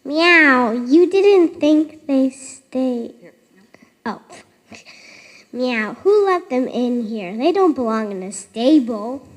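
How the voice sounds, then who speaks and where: A woman's voice: high voice, lively intonation, takes it slowly, mellow, in a large hall, exaggerated voice. A woman playing an indignant stable cat in an unrehearsed church pageant, meowing before her complaints. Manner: meows before speaking, indignant and put out. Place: church sanctuary.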